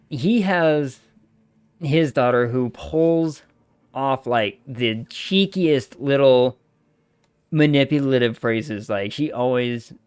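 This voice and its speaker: A man's voice: mid-range voice, a little mellow, clear, resonant tone, no echo. A man streaming a game, chatting loosely with viewers and swearing casually. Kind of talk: casual gaming stream chat.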